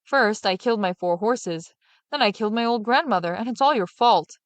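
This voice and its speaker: A woman's voice: medium pitch, lively intonation, moderate pace, no room sound, close to an everyday voice. A greedy, vengeful farmer, read by a woman, speaks bluntly and grumbles threats. It is a storybook voice close to a dry mic. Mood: grudging. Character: greedy, brutish male farmer Big Claus, vengeful.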